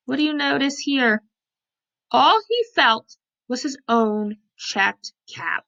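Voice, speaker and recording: A woman preschool teacher reading a picture book aloud to young children, animated and often asking them questions, on a computer mic. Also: high-pitched, moderate pace, vocal fry. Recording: lo-fi computer recording.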